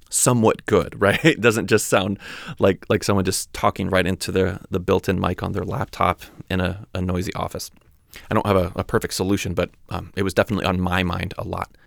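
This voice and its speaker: A man's voice: deep voice, vocal fry, dry recording, clean studio sound. A man hosting a podcast, talking casually and reflectively in a rambling, chatty way with many fillers and restarts. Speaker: podcast host.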